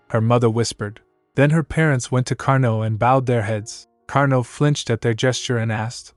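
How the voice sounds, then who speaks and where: A man narrating a comic story recap in an even, scripted storybook manner. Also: medium pitch, moderate pace, dry recording, faint music behind.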